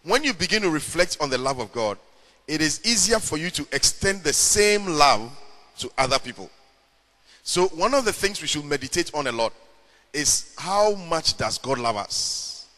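A middle-aged male pastor delivering a sermon in a slow, measured way, stretching words for emphasis. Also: on the high side, big pitch swings, bright, forceful tone. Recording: long hall reverb.

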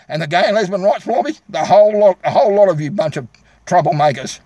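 A man's voice: high voice, expressive, quick pace, dark tone, no room sound. A man with an Australian accent delivering an angry, combative rant straight to his viewers, repeating himself as he goes. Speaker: vlogger. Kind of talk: angry direct-to-camera rant.

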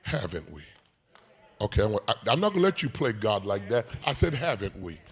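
A man's voice: on the low side, sing-song, fairly quick, husky. Older male preacher in a reverberant church. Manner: call-and-response preaching, swings from quiet storytelling to shouted, sung climaxes. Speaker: pastor. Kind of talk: sermon. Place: large church sanctuary. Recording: long church-hall reverb.

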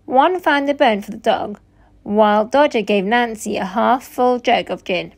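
A woman teacher reading a children's storybook aloud with slow, expressive narration. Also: on the high side, creaky.

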